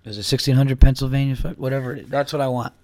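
A man's voice: mid-range voice, fairly even intonation, racing, a little mellow. A man hosting a podcast, a little buzzed, ranting profanely in a rambling casual monologue. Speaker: podcast host.

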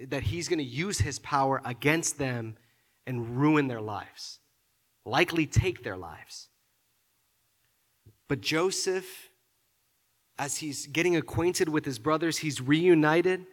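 A man preaching a sermon, often repeating his words and building to loud, emphatic peaks. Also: a little high. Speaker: pastor.

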